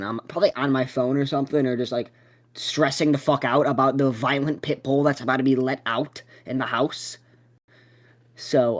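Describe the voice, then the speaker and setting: A young adult podcast co-host telling a story in casual chat, swearing constantly and rambling with sudden excited bursts. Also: medium pitch.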